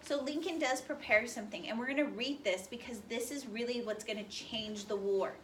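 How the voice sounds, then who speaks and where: A woman's voice: fairly high pitch, brisk. A woman teaching a history class, reading a speech aloud and firing questions at her students. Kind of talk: classroom lecture. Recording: classroom recording from far off, slight noise.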